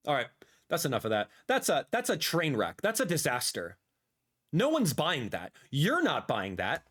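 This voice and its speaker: A man in his thirties, a gaming content creator, giving excitable, ranting livestream reaction commentary. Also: on the high side, normal speed, slightly rough.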